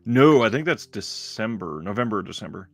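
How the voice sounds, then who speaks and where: A man co-hosting a film podcast in casual chat, easygoing, often laughing and pausing on fillers. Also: on the low side, big pitch swings, a bit bright. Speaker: podcast co-host.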